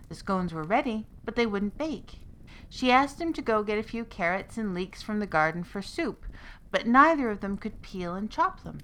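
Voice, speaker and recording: A woman storyteller giving a steady, expressive reading of a folk tale for a podcast. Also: medium pitch, a little hiss or hum. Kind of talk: scripted narration of a folk tale.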